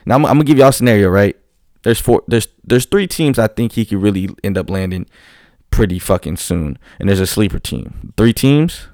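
Profane, animated man ranting. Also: low voice, no echo, clean studio sound. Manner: animated, profane, rambling with restarts. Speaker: football fan commentator. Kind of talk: casual monologue.

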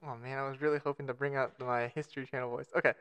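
Clear-voiced joking male podcast co-host. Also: medium pitch, little pitch movement, racing, fairly bright tone. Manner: joking, self-mocking, stumbles over foreign names. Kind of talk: casual podcast chat, reading out facts.

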